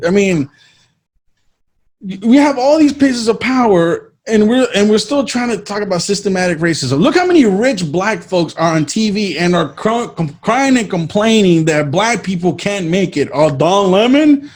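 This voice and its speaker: A man's voice: sits high, animated, normal speed, darkish tone. A man co-hosting a casual political talk show, speaking emphatically and repeating phrases as he thinks. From Latino American. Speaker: podcast co-host.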